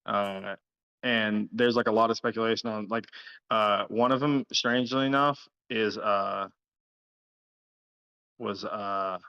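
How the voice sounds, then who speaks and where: A man's voice: lowish voice, fairly even intonation, slow pace, long pauses, pushed and bright, clean tone, highs cut off. A man hosting a late-night livestream who rambles casually, swears a lot and laughs often. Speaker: livestream host.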